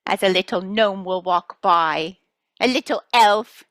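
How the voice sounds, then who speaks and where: A woman's voice: medium pitch, unhurried, a bit bright, dry recording. Playful woman channeling as "we". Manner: playful, storytelling, speaks as "we". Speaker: channeler speaking for spirit guides. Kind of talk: channeled guidance to a group.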